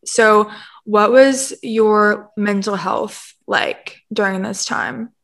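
A woman hosting an interview, asking gentle, tentative questions. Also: mid-range voice, extremely slow, gravelly. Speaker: host.

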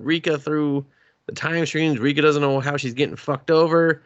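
A man's voice: a little high, fairly even intonation, moderate pace. A man co-hosting a podcast in casual chat, ranting in an exasperated, profane way. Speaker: podcast co-host.

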